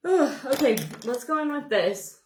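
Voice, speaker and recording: A woman's voice: high-pitched, animated, measured pace, a little hiss or hum. Chatty woman rambling in an echoey room. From Montana, USA. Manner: chatty, rambling, greets viewers by name. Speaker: beauty livestream host. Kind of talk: casual livestream chat while doing makeup.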